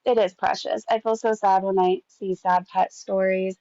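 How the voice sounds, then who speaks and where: A woman's voice: mid-range voice, flat delivery, normal speed, warm tone, dry recording, dull audio. A woman hosting a casual gossip commentary, chatty and swearing with frequent laughs.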